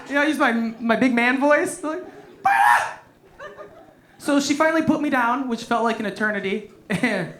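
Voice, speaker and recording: A man's voice: extremely high pitch, fairly bright tone. A man headlining a stand-up comedy set on a club stage, talking into a handheld mic, swearing freely and laughing through his own punchlines.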